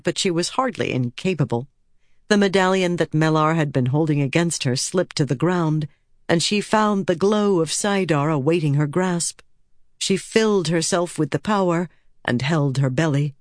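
A woman narrating an audiobook chapter in a measured, steady way. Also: sits low, no room sound, studio quality. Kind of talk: scripted narration.

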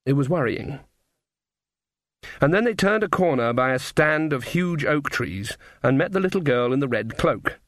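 A man narrating a fantasy novel with wry, measured storytelling. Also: fairly high pitch, lively intonation, a bit bright, no room sound, clean studio sound. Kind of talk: audiobook narration.

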